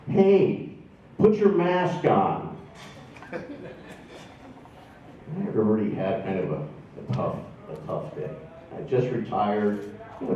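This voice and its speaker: A man's voice: on the low side, recorded from a distance, a little hiss or hum. A man, telling wry, self-deprecating stories to a live audience. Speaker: storyteller. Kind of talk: stand-up storytelling. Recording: echoey room from afar, dull sound.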